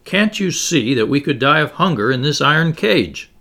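A hot-tempered sailor who blusters and shouts his complaints, as a male reader puts him on. His voice is gravelly, and it leaps up and down as he rants. He cannot hide his indignation. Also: a little high, sing-song, normal speed, exaggerated voice. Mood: indignant. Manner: loud, indignant outbursts.

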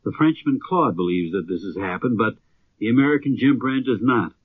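A man as radio announcer, measured and formal. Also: mid-range voice, animated. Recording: dry, dull old radio recording.

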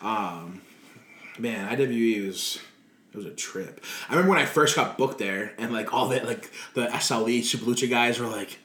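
A man being interviewed, telling stories in a lively way, swearing freely and laughing as he talks. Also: medium pitch, normal speed. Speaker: guest wrestler. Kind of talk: casual interview storytelling. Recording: roomy echo.

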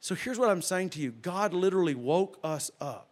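A middle-aged man, preaching a sermon and telling a story, swinging from loud bursts to hushed retelling. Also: high voice, lively intonation, moderate pace. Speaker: pastor.

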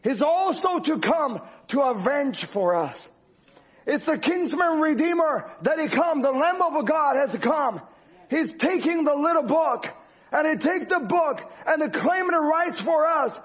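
Preacher, male, very high-pitched, driving repetitive sermon delivery, muffled lo-fi audio. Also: lively intonation, measured pace. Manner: emphatic, repetitive preaching cadence. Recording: dull lo-fi recording.

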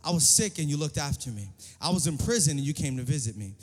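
A male pastor preaching a sermon in a church service, energetic and repetitive, calling for responses from the congregation. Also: fairly high pitch, quick pace. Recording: long hall reverb, faint music.

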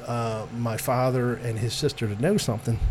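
A man's voice: mid-range voice, fairly even intonation, normal speed, darkish tone. Middle-aged guy from the states, guest chatting loose, lots of uhs and restarts, laughs a bunch, faint hiss behind. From United States. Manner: rambling, laughs often, many fillers and restarts. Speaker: guest, Italian-American club president. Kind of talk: casual interview chat.

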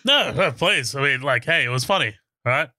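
A man recapping a horror film on a podcast, his voice bright and forward with an edge to it. He talks loosely and swears often, heard close and dry. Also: mid-range voice, lively intonation, moderate pace, dry recording. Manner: laid-back, profane, recaps scenes with chuckles. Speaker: podcast co-host. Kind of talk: casual movie recap chat.

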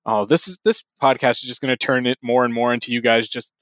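A man co-hosting a casual podcast, relaxed and swearing freely, chuckling often between news items. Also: mid-range voice, fast talker, dry recording. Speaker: podcast co-host.

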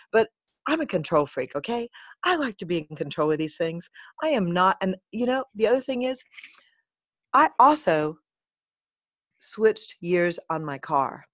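A middle-aged woman telling a chatty, animated story to her viewers, with a playful, sometimes profane manner. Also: lowish voice, measured pace, no echo, studio quality. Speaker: vlogger. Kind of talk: casual talking-to-camera monologue.

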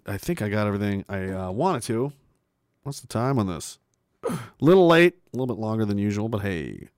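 Guy streaming, lots of laughing and swearing, pitch all over the place, dry close mic. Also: normal speed, clear, resonant tone, no echo. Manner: animated, laughing, swearing, trails off into mutters. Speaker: livestreamer. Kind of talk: casual live-stream commentary.

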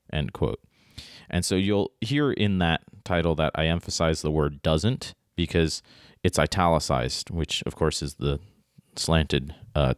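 A man with a very deep voice talks through a writing lesson in a relaxed, chatty way, stopping often to ask "right?" The sound is dry and close, with no room echo at all. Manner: conversational, frequent "right?" and restarts. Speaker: writing teacher. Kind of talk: casual spoken lesson.

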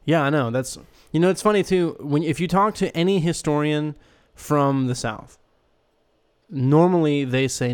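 A man co-hosting a podcast in casual, animated chat, joking and swearing freely. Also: on the high side, normal speed, clean tone. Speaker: podcast co-host.

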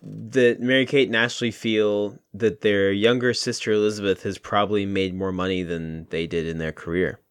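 A man's voice: fairly low pitch, fairly even intonation, moderate pace, few pauses, clean tone. A man co-hosting a podcast in casual chat, often chiming in with short agreements and laughs. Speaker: podcast co-host.

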